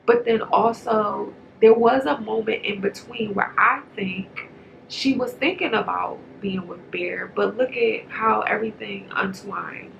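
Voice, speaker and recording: Chatty woman with a gravelly voice. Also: medium pitch, a little slow, highs cut off, noisy background. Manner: chatty, rambling, animated. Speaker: movie reviewer. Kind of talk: casual movie review chat.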